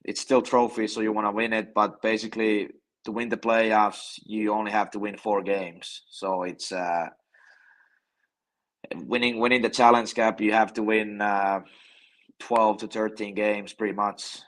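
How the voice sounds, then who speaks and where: A man from Finland with a Finnish accent, a hockey player guest answering in halting English and often repeating words. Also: on the low side, little pitch movement, fairly bright tone. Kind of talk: casual interview.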